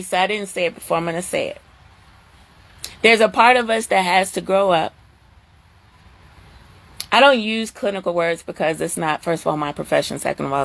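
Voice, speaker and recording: A middle-aged woman hosts a live stream, chatting casually with her viewers and sometimes leaping into a high squeal of surprise. Her tone is fairly bright, with no echo.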